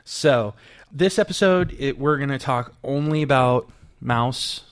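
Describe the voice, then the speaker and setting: Casual male podcast host, mid-pitched, playful banter. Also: unhurried, clear, resonant tone. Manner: playful, joking, then earnest.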